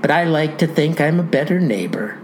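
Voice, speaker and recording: Woman playing a wordy old farmer man, low lively voice, pompous folksy comic storyteller. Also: fairly quick, slight background noise, low-quality recording. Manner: ornate, pompous vocabulary with a folksy drawl. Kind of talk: comic first-person storytelling.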